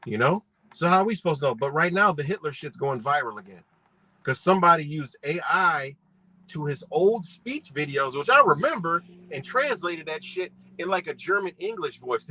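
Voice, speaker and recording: A man with a husky, somewhat high voice and a sharp, forceful edge rants on his live stream. He rambles, swears heavily and uses loose slang, throwing rhetorical questions at the viewer. The sound is close and dry. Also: dry recording, rough recording. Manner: profane, rambling, slangy, heated. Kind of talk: casual live-stream rant.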